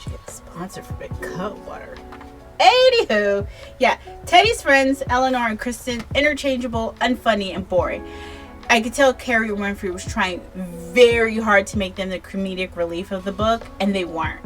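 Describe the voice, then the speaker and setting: A woman's voice: mid-range voice, animated, moderate pace, soft background music. A tipsy woman giving a casual book review, rambling and swearing freely, often restarting her sentences.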